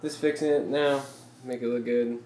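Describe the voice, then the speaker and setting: A young man talking casually outdoors about his car in a laid-back, low-key way. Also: fairly even intonation, normal speed, darkish tone. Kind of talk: casual chat. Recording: outdoor traffic noise.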